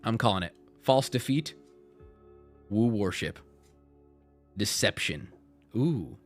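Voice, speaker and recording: A male streamer opening card packs live in casual, joking chat. His pitch swings widely, and he breaks into shouts when a rare card appears. Faint music plays underneath. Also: lively intonation, slow.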